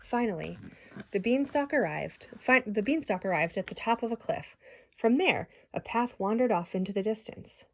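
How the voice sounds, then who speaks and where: A woman reading a children's story aloud in an expressive way, with small slips and restarts. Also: mid-range voice, moderate pace. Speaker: storybook reader.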